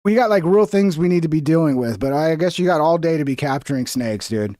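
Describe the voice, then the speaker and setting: A man's voice: a little high, expressive, a little fast, warm tone, no echo, clean studio sound. A man streaming a reaction to a video, talking casually with a profane, exasperated and rambling manner.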